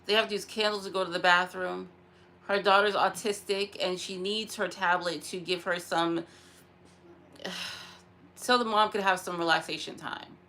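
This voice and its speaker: A woman's voice: on the low side, fairly even intonation, normal speed, pushed and bright. Woman, vlogger, ranting, frustrated, sighing, repeats herself. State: upset, near tears. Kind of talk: casual vlog rant.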